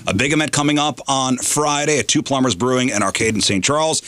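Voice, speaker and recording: A radio host man in his forties with a bright, forward voice. He leads the conversation in an upbeat, casual way, tossing questions to his guests. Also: mid-range voice, fast talker.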